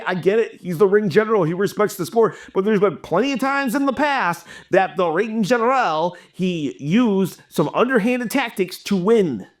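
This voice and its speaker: A young man hosting a wrestling channel, delivering an animated, exasperated opinion rant to camera. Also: sits high.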